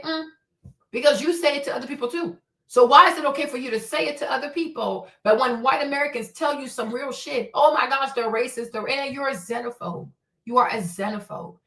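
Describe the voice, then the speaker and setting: A woman's voice: high-pitched, a bit bright, reverberant. A woman from Africa hosting a stream, ranting in a blunt, heated, profane way and repeating her points. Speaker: host. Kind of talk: livestream commentary rant.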